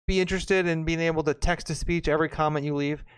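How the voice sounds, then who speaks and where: A man's voice: fairly high pitch, steady tone, quick pace, smooth. Man, co-host, teasing and wry, casual banter. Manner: mocking, wry.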